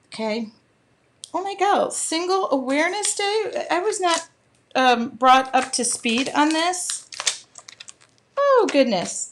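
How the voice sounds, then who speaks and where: Middle-aged woman, slightly high-pitched, chatty art demo host who laughs easily while working. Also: fairly bright tone, a little hiss or hum. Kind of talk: casual live craft demo chat.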